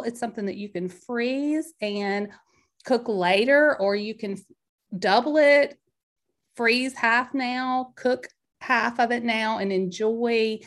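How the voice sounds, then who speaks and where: A woman in her forties talks through her podcast in a bubbly, rambling way. Her voice sits a little on the high side, and she sounds slightly out of breath as she chats on. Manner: bubbly, rambling, animated storytelling. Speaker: podcast host. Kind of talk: chatty solo podcast talk.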